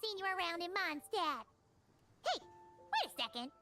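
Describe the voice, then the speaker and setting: A woman voicing a tiny, bubbly fairy-like girl companion in a video game, curious and quick to ask questions. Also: extremely high pitch, sing-song, dry recording, heavily acted. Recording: game audio with loud music underneath.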